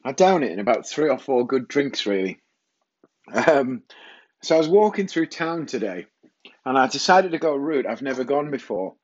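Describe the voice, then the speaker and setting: A man's voice: mid-range voice, sing-song, moderate pace, darkish tone, muffled recording. A middle-aged man hosting a rambling solo podcast from his kitchen, self-mocking and casually swearing. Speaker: podcast host. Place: home kitchen.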